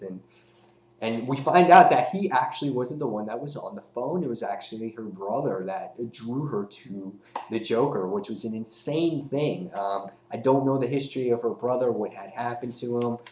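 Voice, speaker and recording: A man's voice: on the low side, darkish tone, echoey room, poor audio. A man giving a casual, rambling comic book review, full of fillers and restarts.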